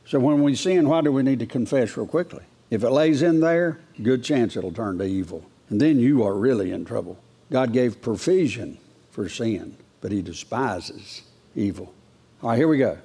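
A man's voice: animated, moderate pace, mellow, slightly rough. Folksy preacher man teaching scripture. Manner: folksy, rises in pitch when reading scripture aloud; asks the congregation questions. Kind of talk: folksy verse-by-verse sermon.

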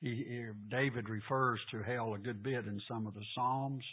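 A man teaches a Bible class, tossing questions to the room and hammering home each point. His voice is husky. The sound is thin and phone-like. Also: mid-range voice, fairly even intonation, normal speed. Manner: asks the class questions, repeats key points.

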